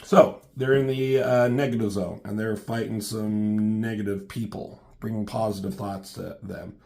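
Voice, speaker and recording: A low, gravelly man talks through a comic story in a loose, rambling way. He swears freely, fills gaps with ums and tosses in side questions as he goes. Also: fairly even intonation, normal speed, darkish tone. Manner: rambling, profane, many ums and asides. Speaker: comic book reviewer. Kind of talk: casual comic recap.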